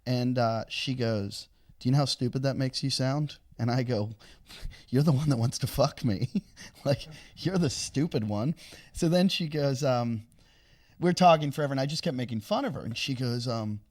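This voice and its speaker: A comedian on a casual podcast rambles through a long, crude anecdote, swearing and chuckling as he goes. His voice is mid-range and a little mellow, at a moderate pace.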